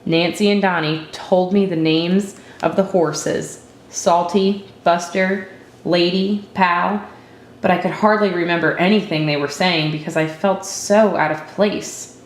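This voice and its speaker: A woman reads a first-person story aloud in a steady, reflective way. Her voice sits on the low side for a woman, and a roomy echo hangs around it. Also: measured pace. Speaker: narrator. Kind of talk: storybook reading.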